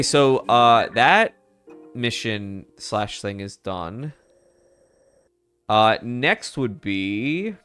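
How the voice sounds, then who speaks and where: A man's voice: mid-range voice, a bit bright, clear, resonant tone. A man giving casual let's play commentary as a video game streamer, chatty, swearing and laughing often.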